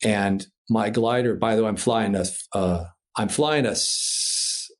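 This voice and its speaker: A man from Minnesota, a podcast guest, telling a story in a casual, animated way, swearing freely and laughing through the tense parts. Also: lowish voice, unhurried. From Minnesota, USA. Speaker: podcast guest, paraglider pilot.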